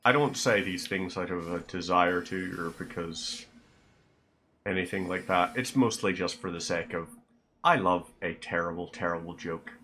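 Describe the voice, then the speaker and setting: Male streamer, low voice, rambling casual chat, dry self-deprecating humor. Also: moderate pace, bright, forceful tone. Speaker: livestreamer.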